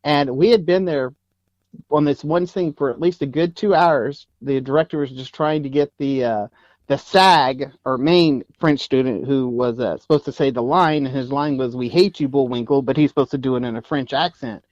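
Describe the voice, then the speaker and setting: A man from Texas, an actor guest, telling animated anecdotes in an interview. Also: medium pitch, normal speed, no echo, muffled recording. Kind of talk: interview storytelling.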